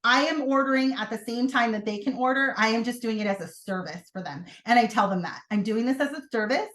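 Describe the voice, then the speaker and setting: A woman leading a sales team training, talking in an energetic, chatty way with sudden excited outbursts. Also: on the high side, fast. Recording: roomy echo.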